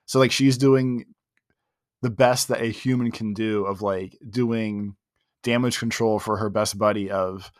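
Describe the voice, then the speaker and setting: A man's voice: fairly low pitch, unhurried, no room sound, clean studio sound. Casual man retelling scenes animatedly. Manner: animated storyteller, casual with swearing. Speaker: podcast co-host. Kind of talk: casual chat.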